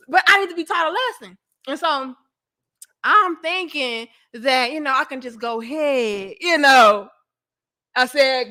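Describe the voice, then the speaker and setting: A young woman with a high-pitched voice speaks at a normal speed while hosting a talk show. She tells her viewers a candid, profane story in an animated way, sometimes talking to herself. She is a podcast host.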